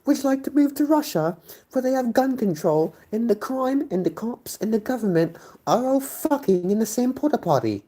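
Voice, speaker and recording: A man putting on a shrill, sneering scold's voice, full of sarcastic, exaggerated mockery. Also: sing-song, normal speed, warm tone, full character voice. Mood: mocking.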